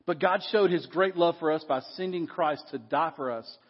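High-voiced husky preacher. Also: male voice, moderate pace. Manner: animated preaching, drops to low voice for effect. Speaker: pastor. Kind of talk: sermon. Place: church sanctuary. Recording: long hall reverb, dull lo-fi sound.

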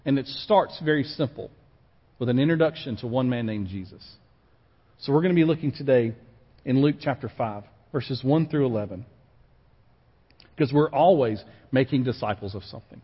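A man's voice: mid-range voice, moderate pace, pauses often, slightly rough. A man preaching a sermon, reading a scripture passage aloud and then explaining it in a conversational tone. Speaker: pastor. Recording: dull sound with long reverb in a hall.

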